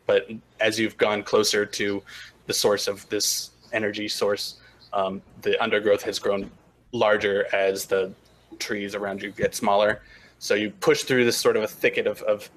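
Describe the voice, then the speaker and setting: A man narrating a tabletop game as game master, in a halting way with many restarts. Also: lowish voice, level tone, fairly bright tone, a little hiss or hum, low-quality recording. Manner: halting, with frequent restarts and fillers.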